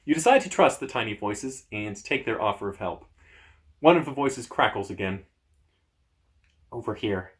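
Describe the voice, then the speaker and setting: A man hosting a gamebook playthrough, reading the story aloud in a lively way with casual asides to viewers. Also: mid-range voice. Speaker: host.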